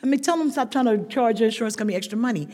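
A woman's voice: on the high side, lively intonation, racing, a little mellow. A woman sharing her recovery story at a meeting, raw and emphatic, talking straight to the room. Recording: long reverb of a large hall.

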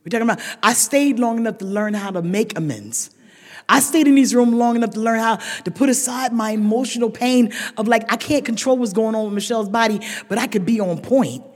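A woman's voice: on the high side, a little fast, a little mellow. Woman speaker at a recovery meeting; raw, emphatic share addressed to the room; long hall reverb. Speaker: speaker sharing a recovery story.

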